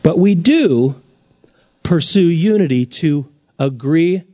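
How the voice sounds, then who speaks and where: Male pastor, sermon, high lively voice, emphatic swings, dry dull recording. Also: slow, dry recording. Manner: animated preaching, pitch rising and dropping sharply for emphasis.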